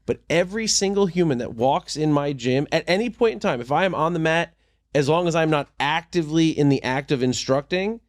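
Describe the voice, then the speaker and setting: Male podcast host and coach, relaxed and chatty, slightly high voice, dry sound. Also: fairly quick, dry recording. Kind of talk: casual podcast conversation.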